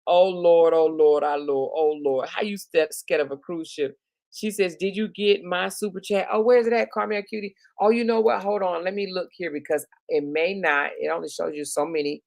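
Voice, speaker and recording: A woman's voice: lowish voice, steady tone, moderate pace, gravelly, darkish tone, no echo. A woman hosting a casual live stream, reading viewers' comments aloud and calling them honey and girl in an affectionate, chatty manner. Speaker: YouTube live stream host.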